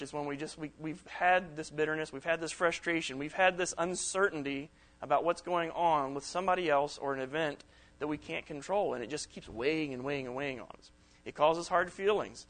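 A middle-aged man gives a sermon to young people at a camp. He keeps it chatty and acts out the texts and comebacks he describes. His voice sits a little high for a man. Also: a bit bright. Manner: conversational, acts out quoted texts and reactions. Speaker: preacher.

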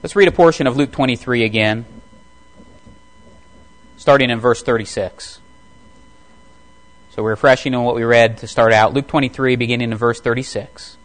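A man preaching a sermon in a measured, deliberate way, slowly reading scripture passages aloud and explaining them. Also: mid-range voice, steady tone, poor audio. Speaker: pastor.

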